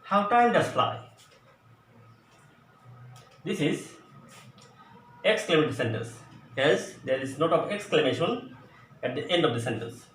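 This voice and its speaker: A man teaching an English grammar lesson at a board, explaining slowly and going over each example again. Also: fairly high pitch, sing-song, a bit bright. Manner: slow, deliberate explaining with repeated examples. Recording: echoey room, voice from a distance, faint noise.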